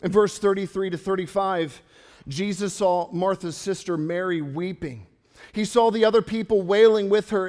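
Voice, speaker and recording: Male pastor, fervent storytelling sermon; high voice, long hall reverb. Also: darkish tone. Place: church.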